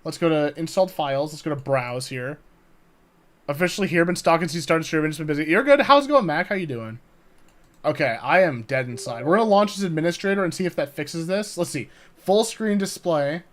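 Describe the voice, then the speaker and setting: A young man chatting live on a game stream, excitable and swearing, laughing often and talking to his chat. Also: on the high side, brisk.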